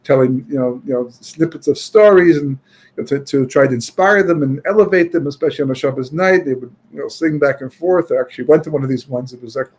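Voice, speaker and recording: A man giving a Torah talk as a chatty storyteller, full of "you know" and restarts, sprinkling in Yiddish and Hebrew terms and turning loud and emphatic when he argues a point. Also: mid-range voice, husky. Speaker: Torah speaker.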